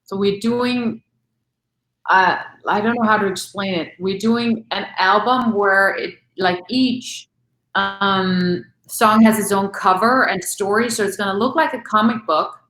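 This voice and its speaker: A woman talks casually as an interview guest, chatty and full of fillers and quick laughs. Her voice sits at an ordinary pitch. The room around her rings with echo. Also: fairly bright tone. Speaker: guest actress and recording artist.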